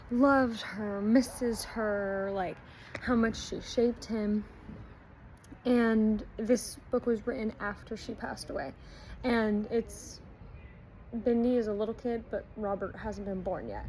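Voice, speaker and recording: A woman's voice: fairly high pitch, a little mellow, a little hiss or hum, poor audio. A woman casually reviewing a book, retelling stories in a chatty way, with frequent ums and likes. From not Australian.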